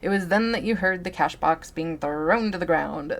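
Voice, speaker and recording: A woman reading a story aloud in a deliberate, dramatic way, now and then muttering asides. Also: on the low side. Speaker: story reader.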